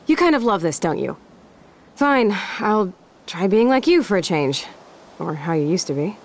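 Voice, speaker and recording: A woman's voice: mid-range voice, very animated, moderate pace, slight background noise. A brash, cursing punk girl. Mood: sarcastic. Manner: sarcastic, cursing. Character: brash, angry young woman, punk attitude. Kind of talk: video game voice acting.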